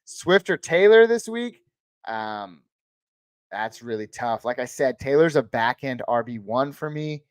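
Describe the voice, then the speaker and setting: Male livestream host, mid-pitched, dry close-mic sound, rattles off quick start-or-sit calls. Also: animated, smooth, dry recording. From Northern California. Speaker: fantasy football livestream host. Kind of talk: live Q&A answering chat questions.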